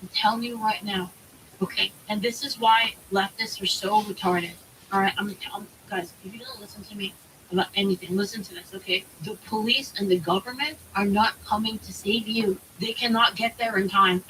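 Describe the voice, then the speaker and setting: Streamer, female, American: heated profane rant, bright tone, distant mic. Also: mid-range voice, steady tone, moderate pace. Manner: heated, profane ranting with many fillers. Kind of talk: casual chat. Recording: distant mic with faint hiss.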